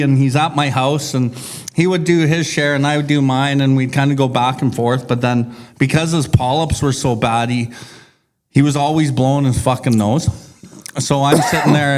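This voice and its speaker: A man's voice: medium pitch, fairly even intonation, moderate pace, darkish tone. Casual, swearing man. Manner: swears freely, rambling storytelling. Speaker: podcast co-host. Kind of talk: casual recovery group discussion.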